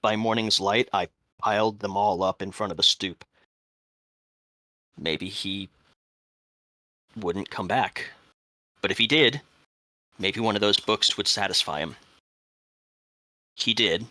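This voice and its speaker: Low-voiced man reading a tense statement. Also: no room sound. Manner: measured, drops to hushed tones for tense moments. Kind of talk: dramatic first-person statement reading.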